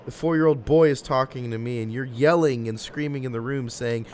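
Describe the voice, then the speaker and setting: A man's voice: mid-range voice, a little fast, a little mellow, slight background noise. A young man streaming, chatting casually on a voice call, rambling and swearing as he vents about a breakup. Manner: rambling, profane, venting. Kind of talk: casual voice chat.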